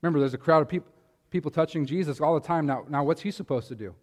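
Conversational preacher in a reverberant hall. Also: male voice, on the high side, quick pace, darkish tone. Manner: conversational, asks the listeners rhetorical questions. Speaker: pastor. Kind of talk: sermon.

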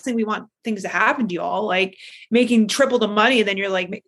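A woman's voice: mid-range voice, fast, fairly bright tone. A woman hosting a podcast in casual chat, blunt and profane. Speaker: podcast host.

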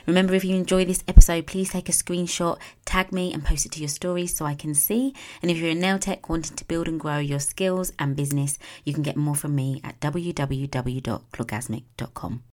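A woman's voice: sits low, a little mellow. A woman hosting a podcast, introducing her guest and chatting in a gushing, enthusiastic way. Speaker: podcast host. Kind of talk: podcast intro and interview chat.

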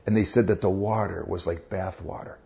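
A man's voice: deep voice, steady tone, a little fast, creaky, dark tone. A man preaching in a conversational devotional style, earnest, asking rhetorical questions and often repeating words as he goes.

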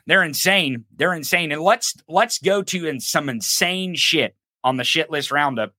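A man hosting a podcast, giving profane, mocking political commentary in an animated way. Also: fairly high pitch, a little fast, hardly any pauses, no room sound, clean studio sound. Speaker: podcast host.

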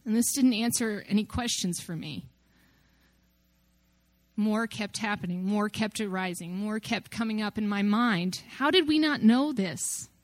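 A woman's voice: medium pitch, measured pace, no echo. A woman giving a personal testimony talk about faith, earnest and reflective, with rhetorical questions that build up.

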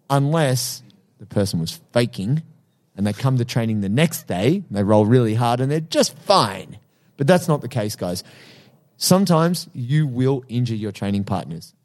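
Aussie guy on a podcast, chatty and animated, jumps into voices for what he said, middle pitch. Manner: animated storyteller, acts out his own reactions. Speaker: podcast co-host and jiu-jitsu coach. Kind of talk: casual podcast chat.

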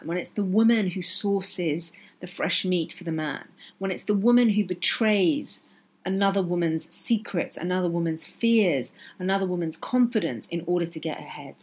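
A woman's voice: fairly low pitch, moderate pace, a little mellow, husky. A woman hosting a solo podcast, talking earnestly and with passion, driving her points home by repeating them. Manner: earnest, impassioned, emphatic repetition. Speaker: podcast host.

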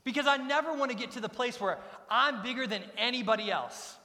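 A man's voice: very high-pitched, brisk, sharp tone. A middle-aged man preaching a sermon as pastor, emphatic and repeating his key lines. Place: church sanctuary. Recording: long reverb of a large church hall.

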